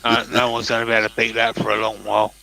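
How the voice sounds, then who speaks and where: An English man chatting on a live stream, telling anecdotes in a relaxed way with plenty of ums and ahs. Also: lowish voice, very fast, gravelly, a crowd in the background, rough recording. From England. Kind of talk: casual chat, anecdote.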